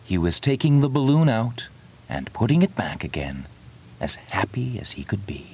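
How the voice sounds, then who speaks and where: Expressive low-voiced man reading a story. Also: moderate pace. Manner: expressive storytelling, hushed in sad parts. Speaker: narrator. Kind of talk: 1970s radio comedy story reading.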